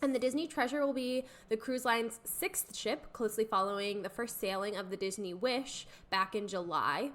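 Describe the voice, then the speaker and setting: A young woman with a somewhat high voice co-hosts a relaxed podcast. She moves between reading news items and easy banter. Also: normal speed, few pauses. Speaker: podcast co-host. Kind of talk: casual chat.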